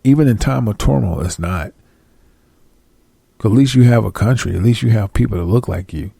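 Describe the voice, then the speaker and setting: A man's voice: lowish voice, fairly quick, gravelly, dark tone, breathy edge, dry recording. A man, delivering a heated, profane monologue full of blunt rhetorical questions. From United States.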